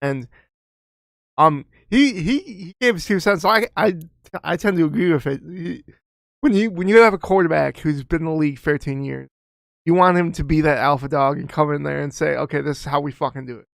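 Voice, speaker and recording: A man's voice: on the high side, moderate pace, vocal fry, dry recording, studio quality. A man co-hosting a football podcast, talking casually, stammering into his points and acting out quotes. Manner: stammering restarts, acts out quotes. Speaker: podcast co-host. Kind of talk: casual sports chat.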